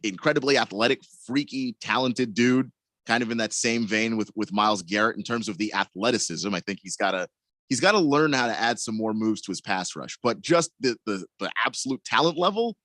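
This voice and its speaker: A man's voice: fairly low pitch, lively intonation, fairly quick, bright, forceful tone, no echo. A man co-hosting a sports radio show, talking casually and analytically about players.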